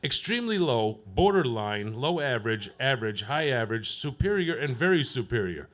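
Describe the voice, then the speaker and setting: A man doing a profane stand-up set at an open mic, deadpan and teasing the crowd. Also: mid-range voice, moderate pace. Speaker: stand-up comedian. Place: comedy club stage.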